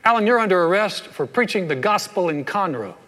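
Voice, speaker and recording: A man's voice: high-pitched, expressive, fairly quick, fairly bright tone, pitched above the performer's own voice. A man playing stern male foreign agents in suits during a sermon story. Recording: echoey hall with long reverb.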